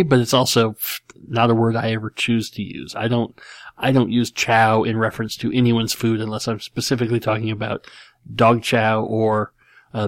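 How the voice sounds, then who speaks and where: A man's voice: lowish voice, creaky, dry recording. Rambling, chuckling man host, dry sound. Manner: rambling, self-deprecating, chuckles often. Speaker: podcast host answering listener questions. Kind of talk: casual chat.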